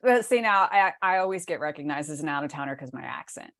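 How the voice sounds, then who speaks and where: A woman's voice: low-pitched, lively intonation, fast talker, a bit bright. A woman with a Southern accent blending West Virginia and Charleston, co-hosting a podcast and chatting casually, often restarting her sentences. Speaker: podcast co-host. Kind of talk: casual chat.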